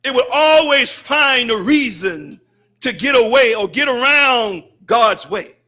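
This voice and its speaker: High, bright-voiced man preaching fervently. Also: animated. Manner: fervent preaching with shouted bursts; mocks excuses in wry, drawn-out asides. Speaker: student minister. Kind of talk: sermon. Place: mosque.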